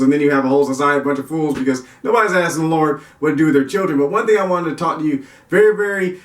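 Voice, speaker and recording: A man giving a casual, folksy Christian parenting talk who often repeats himself and restarts his sentences. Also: on the high side. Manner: folksy, repetitive, restarts and chuckles. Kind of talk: casual faith-based talk. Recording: roomy echo, distant mic.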